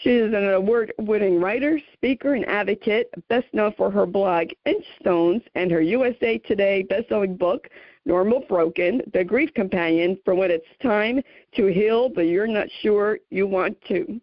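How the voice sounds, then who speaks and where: A woman hosting a radio interview show who talks effusively and emotionally, with halting "uh"s between her words. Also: mid-range voice, no echo, muffled recording. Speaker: host.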